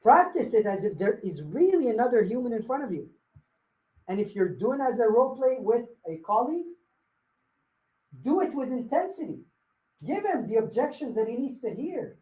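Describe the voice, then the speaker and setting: A man's voice: very high-pitched, big pitch swings, moderate pace, mellow, echoey room, poor audio. A man leading a live sales coaching workshop, blunt and firing rhetorical questions at his audience. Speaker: real estate sales trainer.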